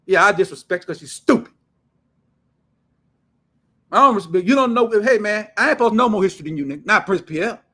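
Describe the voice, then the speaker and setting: A man hosting his own show, ranting casually in a loud, blunt, profane way with heavy slang. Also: high voice, lively intonation, fairly quick, long pauses, husky. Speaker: show host.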